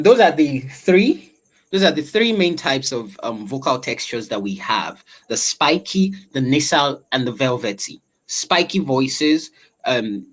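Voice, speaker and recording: A man with a velvety voice explaining vocal textures in an online voice-over class, unhurried and full of fillers. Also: medium pitch, a bit bright, low-quality recording. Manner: explanatory, drawn-out, filler-heavy. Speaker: voice-over coach.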